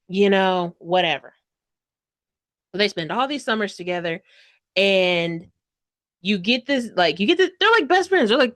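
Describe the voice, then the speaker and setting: A woman giving a casual book review, gushing and chatty, full of fillers, acting out characters' lines with sudden loud outbursts. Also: fairly low pitch, dry recording. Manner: dramatic quoted voices and sudden loud outbursts.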